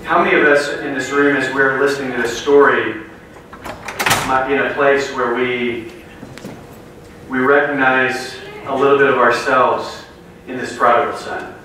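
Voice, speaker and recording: A man giving a sermon to a room of students, telling a joke story with lively character voices before turning to a Bible passage. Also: medium pitch, normal speed. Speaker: guest speaker. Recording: very echoey room from a distance, faint noise.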